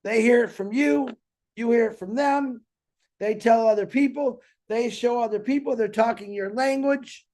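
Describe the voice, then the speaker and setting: A man's voice: sits high, darkish tone. A man hosting a community show, talking earnestly and casually, rambling and repeating himself. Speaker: show host. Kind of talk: casual motivational talk to a community.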